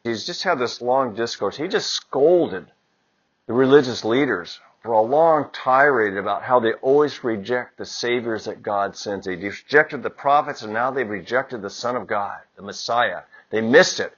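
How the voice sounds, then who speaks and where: A priest giving a conversational homily, building to moments of emphasis. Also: male voice, mid-range voice, moderate pace, highs cut off. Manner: conversational preaching with rising emphasis. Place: church.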